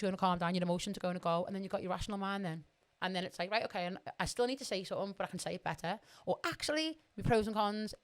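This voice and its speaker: Fast-talking sweary woman. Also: mid-range voice, smooth. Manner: blunt, sweary, emphatic. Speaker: podcast guest. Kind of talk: candid conversational storytelling.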